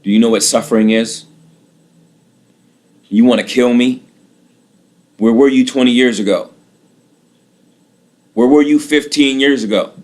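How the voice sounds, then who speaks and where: A man's voice: medium pitch, measured pace, pauses often, a little mellow. A man in his late thirties giving a bitter, aggrieved personal monologue, repeating himself and swearing often. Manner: bitter, aggrieved, repetitive, profane.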